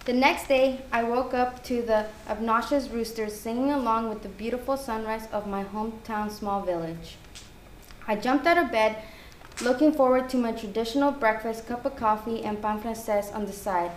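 A woman reading her own ghost story aloud, earnest and careful, correcting herself now and then. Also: on the high side. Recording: echoey room with faint background noise.

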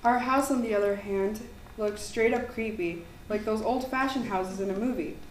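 A woman reading her own ghost story aloud in an earnest, slightly halting way. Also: mid-range voice. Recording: echoey room, mic far off, faint background noise.

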